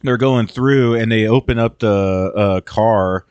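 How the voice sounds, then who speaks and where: A man's voice: fairly low pitch, slow, a little mellow, clear, resonant tone, no room sound, muffled recording. A man casually retelling a movie on a podcast, rambling, swearing often and acting out the characters' lines. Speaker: podcast host.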